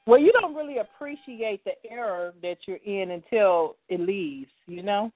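A woman's voice: mid-range voice, animated, moderate pace, no room sound. Chatty woman host on a phone line. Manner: reminiscing, chatty. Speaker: podcast host. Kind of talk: casual talk show chat. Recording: dry, narrow phone line.

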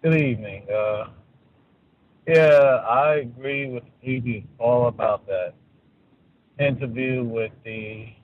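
A man calling in to a radio show, giving his opinions in a halting way and often repeating words. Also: mid-range voice, dry recording, phone-quality sound. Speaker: caller. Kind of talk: call-in radio commentary.

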